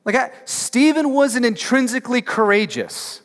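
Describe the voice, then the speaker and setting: With a slightly bright, expressive voice on the high side, a pastor preaches at a moderate pace in a church sanctuary. His sermon is relaxed and conversational, dotted with fillers and emphatic rhetorical questions for the congregation, all under long hall reverb.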